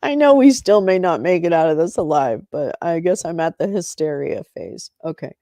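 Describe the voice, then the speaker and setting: A woman's voice: lowish voice, lively intonation, normal speed, dark tone, no room sound, clean studio sound. A woman hosting a livestream, reading legal text aloud and breaking off into sarcastic, chatty asides to her viewers. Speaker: livestream host.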